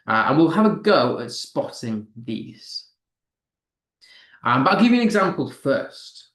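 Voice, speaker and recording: Man teaching an online class, echoey room. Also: medium pitch. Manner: reads chat answers aloud, thinking out loud with fillers.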